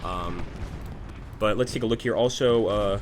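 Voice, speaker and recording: A young American man hosts a casual let's-play for his gaming channel, his voice lowish and a little slow, with some hiss or hum in the recording. He chats loosely with many fillers, reading chat and calling the action.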